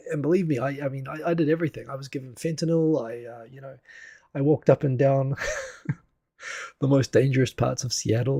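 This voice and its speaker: A man from New Zealand hosts a casual live stream, chatting through the news and reading viewer comments with many restarts. His mid-range voice is dark and husky with vocal fry, recorded at studio quality with no echo.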